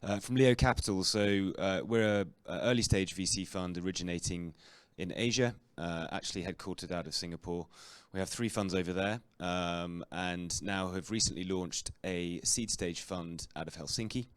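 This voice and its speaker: A man with a hoarse, croaky voice introducing himself as a venture investor on a conference panel, relaxed and full of fillers. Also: deep voice, normal speed, no echo. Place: stage at a fintech demo day event.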